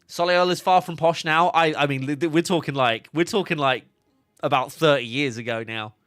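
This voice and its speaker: A man's voice: fairly high pitch, normal speed, long pauses, fairly bright tone, no room sound, clean studio sound, faint music behind. A man, chatting casually on a game livestream, laughing often and reading chat aloud. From England. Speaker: game streamer.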